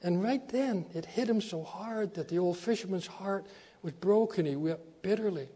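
A man preaching a sermon as a pastor, repeating key phrases and swinging between soft low lines and loud emphatic ones. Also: normal speed, slightly rough.

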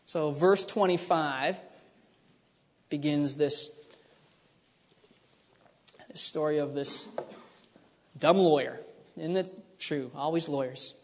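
A man's voice: fairly high pitch, slow pace, long pauses. A man preaching a conversational sermon, teaching with frequent restarts and asides. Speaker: pastor. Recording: long hall reverb.

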